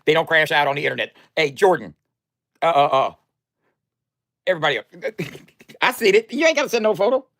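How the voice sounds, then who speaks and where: A man's voice: on the high side, animated, brisk, gravelly, pauses often, fairly bright tone, dry recording, studio quality. A man casually chatting on his live stream from home, joking loosely with plenty of profanity. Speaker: livestreamer. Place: indoors at home.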